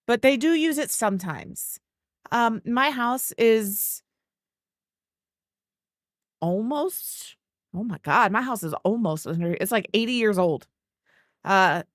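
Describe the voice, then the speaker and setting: A woman's voice: medium pitch, fairly bright tone, no room sound. A chatty woman streamer, dry close sound. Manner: rambling, chatty storytelling; greets viewers by name mid-sentence. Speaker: game streamer. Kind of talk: casual chat with live chat.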